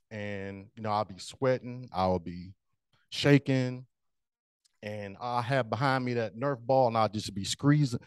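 A man's voice: medium pitch, darkish tone, no room sound. A man giving a short, humorous storytelling speech as joke master at a speaking club meeting.

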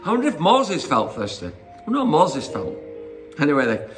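A man's voice: a little high, wildly swooping pitch, a little fast, over music. A man preaching an informal sermon, conversational and rambling with fillers and asides as he retells Bible stories.

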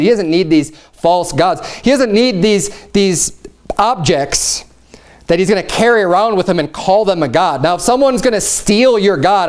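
High-pitched young man, American, lively conversational sermon. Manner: animated, acts out quoted voices, conversational. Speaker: preacher. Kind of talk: Bible teaching sermon.

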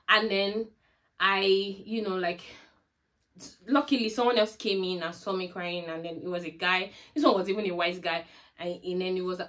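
A woman's voice: on the low side, moderate pace. A woman from Nigeria with a Nigerian accent, telling a personal story in a storytime vlog and acting out the dialogue. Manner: animated storytelling that acts out remembered dialogue. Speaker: vlogger.

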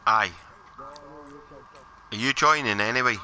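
A man's voice: medium pitch, measured pace, sharp tone. A man streaming a game, chatting casually with other players, blunt and joking with plenty of swearing. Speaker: gaming livestreamer. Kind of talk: casual party chat while gaming.

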